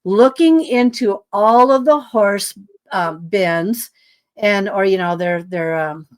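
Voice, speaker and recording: A woman, a podcast guest, telling a long story in a rambling, animated way with many asides. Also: mid-range voice, takes it slowly.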